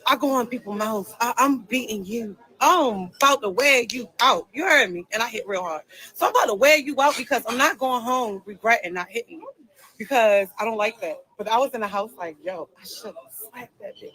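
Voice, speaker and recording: A woman's voice: a little high, a little fast, pushed and bright, poor audio. A woman talking on a casual live stream, telling her side of a story in an emphatic, repetitive way.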